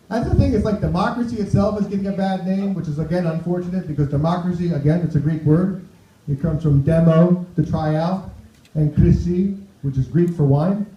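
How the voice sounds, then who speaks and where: A man's voice: a little high, moderate pace, dark tone. A man performing a stand-up set on a club stage, chatty, tossing asides to the crowd. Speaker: stand-up comedian. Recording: roomy, dull club recording.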